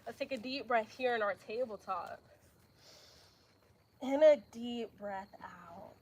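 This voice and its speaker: A young woman yoga instructor, slightly out of breath, giving calm breathing cues with casual slang asides. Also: fairly high pitch, takes it slowly, a little hiss or hum. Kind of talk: live yoga class instruction.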